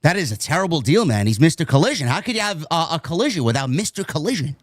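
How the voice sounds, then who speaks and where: A man's voice: fairly high pitch, fast talker, no echo. A man with a New York accent hosting a casual wrestling review podcast. He rants, swears freely and ends his lines with "man" and "bro". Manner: animated, swears a lot, says "man" and "bro". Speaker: show host.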